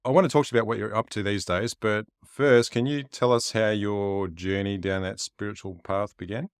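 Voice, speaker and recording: A man hosting a podcast, asking his guest questions in a relaxed way. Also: fairly low pitch, normal speed, clear, resonant tone, no echo, clean studio sound. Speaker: podcast host. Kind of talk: interview questions.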